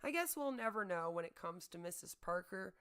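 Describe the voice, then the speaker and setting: A woman's voice: fairly low pitch, expressive, fairly quick, fairly bright tone, clear, resonant tone. A woman streamer delivering a heated, sarcastic rant to her audience, repeating her points for emphasis. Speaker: streamer and channel host. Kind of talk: livestream rant.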